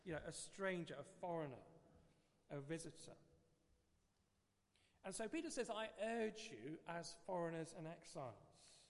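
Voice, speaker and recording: A middle-aged Englishman delivers a sermon in a loose, conversational way, doubling back on his words. His voice sits high for a man. The sound rings with the long reverb of a church. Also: animated, normal speed, pauses often. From England. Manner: conversational, digressive, repeats words. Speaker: preacher.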